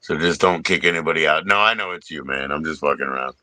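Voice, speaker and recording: A man's voice: rumbling low, fast, sharp tone, no echo. A man hosting a livestream in casual chat, joking, teasing and swearing freely. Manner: joking, profane, teasing banter. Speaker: livestream host.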